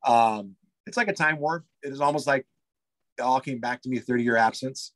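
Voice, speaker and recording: An American pizza shop owner chats casually in an interview, rambling eagerly with lots of fillers and restarts. His voice is medium-pitched and fairly bright, at a moderate pace.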